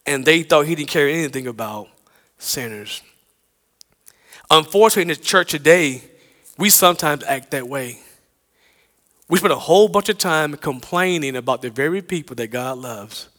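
A man from the American South preaching a sermon, swinging between loud emphatic lines and hushed low ones. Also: long reverb tail.

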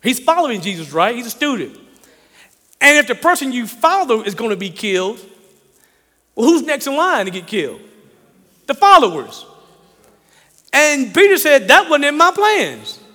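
A man's voice: very high-pitched, sing-song, normal speed, long pauses, pushed and bright. A man preaching a sermon in a conversational, folksy, playful storytelling way. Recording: long hall reverb.

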